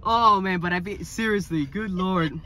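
A young man vlogging casually about a toy hunt, excitable and profane, telling animated stories. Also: sits high, moderate pace, crowd noise. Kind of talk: casual vlog chat.

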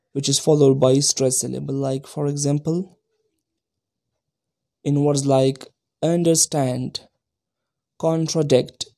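A man giving a recorded lesson, explaining each point slowly and carefully and repeating the key terms. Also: on the high side, creaky, mellow. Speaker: teacher.

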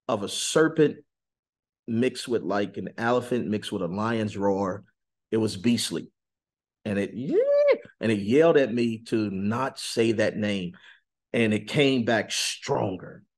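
A man giving an earnest, intense testimony in a sit-down interview, slowing on key words and rising suddenly in pitch and volume. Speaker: interview guest.

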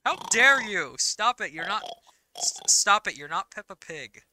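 A young woman hosting a gaming stream, chatting casually in a rambling, exasperated, quick-fire way over a voice chat mic. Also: medium pitch, sing-song, bright, forceful tone, no room sound, poor audio. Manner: rapid, rambling, exasperated ranting. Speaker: gaming channel host.

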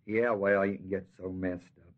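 A man teaching Bible verses in a sermon. He talks emphatically, slows down to stress key words and asks the audience questions. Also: low voice, level tone. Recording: dull lo-fi 1970s tape recording.

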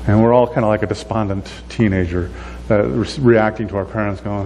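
A man's voice: lowish voice, a little fast, big-room sound, a little hiss or hum. A man giving a conversational sermon as a pastor, acting out the voices of the people in his story. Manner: conversational, animated, acts out voices of complainers.

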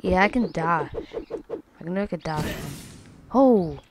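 Woman host doing let's play commentary, playful and excitable, lowish voice, game noise and clicks behind. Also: takes it slowly. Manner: playful, excitable, talks to viewers as lads and guys. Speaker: gaming channel host.

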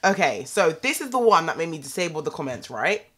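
A young British woman vlogging at home, talking straight to the camera in a sassy, animated rant. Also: sits low, fairly quick. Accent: British English. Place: indoors at home.

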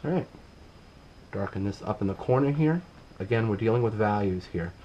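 A middle-aged man giving a casual painting demonstration, relaxed and talking while he works, often trailing off mid-sentence. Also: fairly low pitch, normal speed, highs cut off, a little hiss or hum. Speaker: painting instructor.

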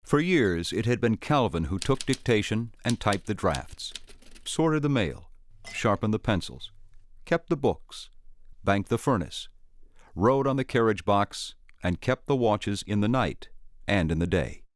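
Documentary narrator, man, lively intonation, dry and close. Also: lowish voice, measured pace, no room sound. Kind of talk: scripted narration.

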